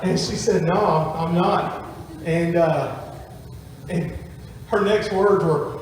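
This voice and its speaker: A man's voice: a little high, very slow, pauses often, noisy background. A man, a pastor telling a family story in a folksy sermon to his congregation. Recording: echoey hall from far off.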